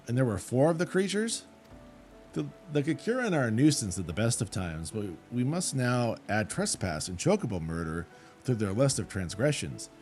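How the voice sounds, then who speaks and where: A man's voice: medium pitch, a little mellow, lightly acted. A man reading out a stern woman soldier in a fantasy game, speaking in a formal, commanding way.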